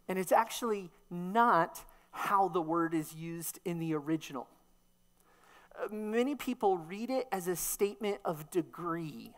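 A woman preacher delivering a sermon, teaching emphatically and posing rhetorical questions. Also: on the low side.

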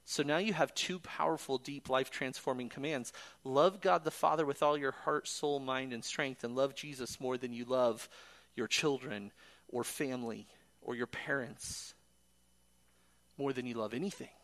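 A man's voice: medium pitch, normal speed, fairly bright tone. A man preaching a sermon in an earnest way, quoting scripture and building to emphatic peaks.

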